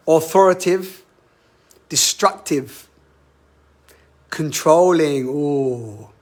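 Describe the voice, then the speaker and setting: A man's voice: mid-range voice, husky. A man giving a live-streamed spiritual talk as a workshop facilitator, earnest and self-reflective, often putting questions to his listeners. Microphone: webcam or phone mic on a live stream.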